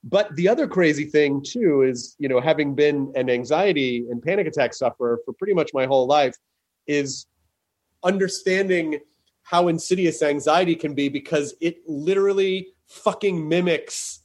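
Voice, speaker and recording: A man chatting as a podcast guest, animated and quick, with halting restarts and casual swearing. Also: a little high. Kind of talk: casual interview chat.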